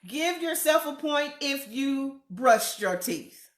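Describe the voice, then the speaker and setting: A playful woman chats with her viewers in a live stream from home. Her speech is slow and unhurried, and her fairly high voice swings up and down with lively energy. The sound is echoey, as in a bare room. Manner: playful, greets viewers by name, laughs often.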